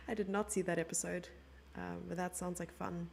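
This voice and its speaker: A woman's voice: fairly low pitch, level tone, normal speed, creaky, a little mellow, a little hiss or hum. A young woman commenting on chess live and chatting playfully with her viewers. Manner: chatty, playful, reads out and answers chat.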